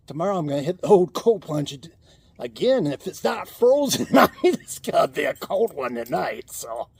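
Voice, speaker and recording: A man's voice: high-pitched, gravelly, a little mellow, breathy edge, dry recording. An older man chatting casually in his vlog, chuckling often as he rambles from a cold plunge tub outdoors. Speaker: vlogger.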